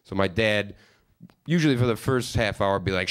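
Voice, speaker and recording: A man in his thirties from upstate New York performs a stand-up comedy set. His voice sits a little low. He rambles through self-deprecating stories, swearing freely as he goes. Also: brisk.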